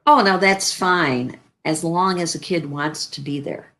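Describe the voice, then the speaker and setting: Low-voiced older woman telling anecdotes. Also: unhurried. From Chicago. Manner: animated anecdotes, acts out quoted lines. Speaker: actress guest. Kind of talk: interview storytelling.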